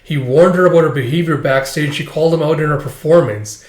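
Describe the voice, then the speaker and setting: Guy putting on a hyped gossipy young apprentice dude, voice pitched up, roomy echo. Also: fast talker, close to an everyday voice. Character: gossiping young male apprentice storyteller, excitable. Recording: echoey room.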